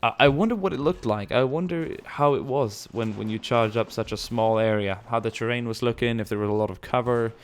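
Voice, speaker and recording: A man's voice: medium pitch, brisk, hardly any pauses. A man giving casual, rambling gameplay commentary, musing aloud and swearing now and then. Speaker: gaming channel host.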